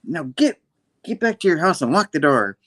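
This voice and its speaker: A man's voice: a little high, sing-song, normal speed, fairly bright tone, pitched above the performer's own voice. A man voicing a wisecracking young superhero in a breezy, joking tone.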